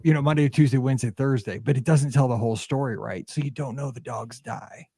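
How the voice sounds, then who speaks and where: A man hosting a podcast, chatting casually as a rambling, animated storyteller full of fillers. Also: medium pitch, fast talker, vocal fry, husky, dry recording, clean studio sound. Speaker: podcast host.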